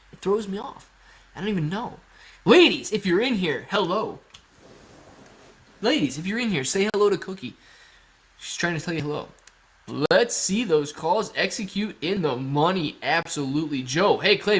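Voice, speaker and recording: A man's voice: high voice, lively intonation, normal speed, fairly bright tone. A young man from Ohio hosting a casual stock livestream, reading chat comments aloud in an upbeat, jokey way.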